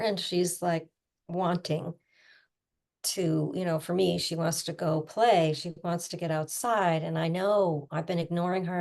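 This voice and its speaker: A middle-aged woman coach with a low voice and a gravelly edge. She talks casually and explains things through homey pictures and quick little asides. Her tone stays plain and conversational. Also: darkish tone.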